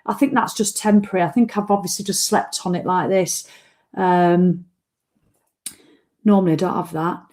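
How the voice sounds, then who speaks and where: A woman's voice: fairly low pitch, steady tone, normal speed, long pauses, a little mellow. A tired woman, ranting bluntly and swearing freely as she hosts a casual live-stream chat. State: tired after a run. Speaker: vlog host.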